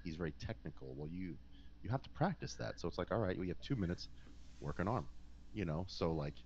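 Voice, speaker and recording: A man guest on a podcast, telling casual stories in an animated way, swearing and acting out quotes. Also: deep voice, fairly quick, muffled recording, slight background noise. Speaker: podcast guest, former pro wrestler. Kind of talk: casual storytelling.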